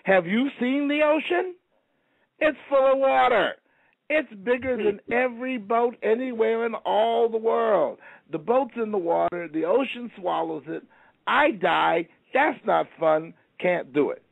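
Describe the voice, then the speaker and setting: A man's voice: medium pitch, lively intonation, moderate pace, vocal fry, no echo, pitched above the performer's own voice. A male storyteller voicing a timid man who is terrified of planes and boats, panicky and whining. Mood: panicked. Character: timid middle-aged man terrified of travel. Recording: dry, phone-like narrow sound.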